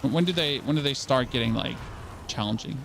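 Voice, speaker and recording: A man's voice: medium pitch, fairly quick, creaky, fairly bright tone, slight background noise. A young man giving casual gameplay commentary as a streamer, rambling, stammering over his words and asking his viewers questions.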